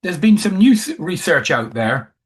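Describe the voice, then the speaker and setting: A man's voice: high-pitched, very animated, normal speed. A man giving a coaching presentation, emphatic, who repeats key phrases.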